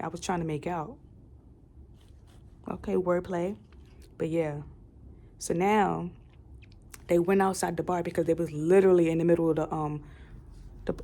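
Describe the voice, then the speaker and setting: A young woman with a low, gravelly voice rambles through a book's plot for her review. Her tone is dark and relaxed, full of fillers and casual swearing. A faint hiss sits under the voice. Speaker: book reviewer. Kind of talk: casual book review chat.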